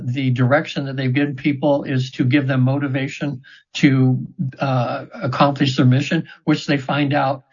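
Husky-voiced man in his seventies. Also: medium pitch. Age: 70s. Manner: earnest, rambling, with frequent restarts. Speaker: interview guest, trance session practitioner. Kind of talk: casual storytelling in an interview. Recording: dull, slightly lo-fi audio.

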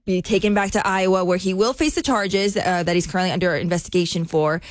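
A woman's voice: on the low side, fast, no echo, studio quality. A woman co-hosting a morning radio show, telling a news story with a giggly, self-deprecating manner. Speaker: radio co-host.

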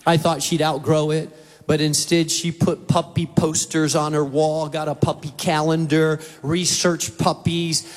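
A man preaching a sermon to a large auditorium, telling animated stories and acting out voices. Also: on the high side, unhurried, big-room sound. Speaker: pastor.

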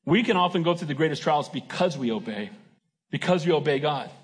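A middle-aged male pastor preaching a sermon with a husky, slightly breathy voice that sits fairly high for a man. He speaks in a relaxed, conversational way and keeps turning to his listeners with a quick "Amen?". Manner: conversational preaching with frequent "Amen?" call-outs.

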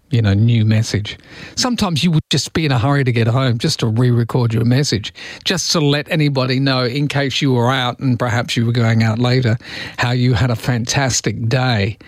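A man's voice: mid-range voice, dry recording, studio quality. A man hosting a morning radio show, chatting in a wry, rambling way with asides. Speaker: radio host. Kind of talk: casual morning radio chat.

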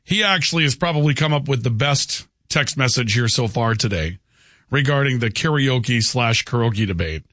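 A man's voice: medium pitch, animated, moderate pace, fairly bright tone, no room sound, clean studio sound. A man hosting talk radio, chatty and folksy, wandering from topic to topic in loose banter. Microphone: studio microphone.

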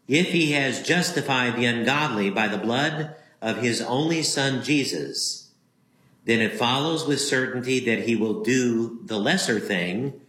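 A man preaching a sermon as a Lutheran pastor. He speaks in a measured, emphatic way and repeats key phrases for weight. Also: medium pitch, bright, forceful tone. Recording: roomy echo.

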